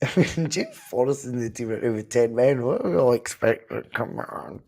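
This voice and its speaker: Speaking at a moderate pace in a mid-range voice, this Scottish podcast host runs a live watch-along of a football match. He's casual and lively, responding to the game and his chat, now and then with a curse.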